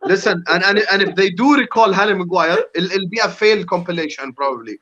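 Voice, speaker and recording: A man's voice: high voice, fast, pushed and bright, dull audio. A young man on a podcast, ranting heatedly about football and swearing often. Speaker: podcast guest, rival fan. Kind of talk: casual podcast chat.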